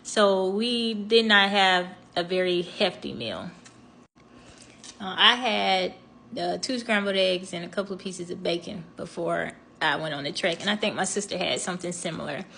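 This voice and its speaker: A woman's voice: fairly low pitch, steady tone, normal speed, vocal fry, sharp tone, slight background noise. A young woman telling a travel story in a casual storytime vlog, chatty and laughing, with many fillers and restarts.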